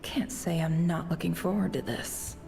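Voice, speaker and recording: A woman's voice: lowish voice, moderate pace, a little mellow. An actress voicing a curious young woman adventurer who searches an office in a whisper, whispered role-play. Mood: hushed curious. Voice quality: whispered, gravelly.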